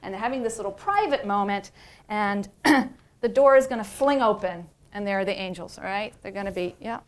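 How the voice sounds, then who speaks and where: Animated, playful woman lecturer. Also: medium pitch, fairly quick. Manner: animated, playful, asks "right?" often. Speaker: university professor, lecturer. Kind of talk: lecture on religious texts.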